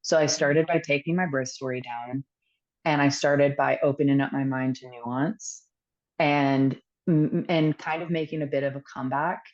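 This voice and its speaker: A woman with a notably low voice speaks as a podcast guest, telling a candid personal story. She is earnest and reflective, pausing often and filling gaps with ums. The recording is dull and lo-fi. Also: fairly even intonation, darkish tone. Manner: earnest, reflective, with many pauses and fillers.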